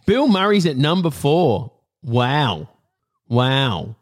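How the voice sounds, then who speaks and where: A man's voice: medium pitch, sing-song. A man co-hosting a podcast, bantering casually and teasing his co-host on a headset mic. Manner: teasing, playful, quick to laugh.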